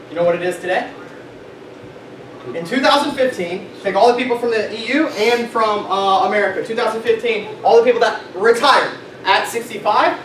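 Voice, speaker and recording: A man leading a sales meeting, giving an animated motivational talk to a live audience and quizzing them with questions. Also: sits high. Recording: echoey room, far from mic, noisy.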